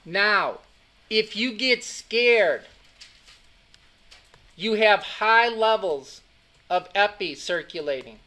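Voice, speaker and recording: A man's voice: sits high, animated, very slow, long pauses, sharp tone. A man teaching an anatomy class, emphatic and repetitive, often checking that students are following along. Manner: emphatic, repeats key points, keeps checking students follow. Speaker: anatomy and physiology instructor. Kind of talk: classroom lecture.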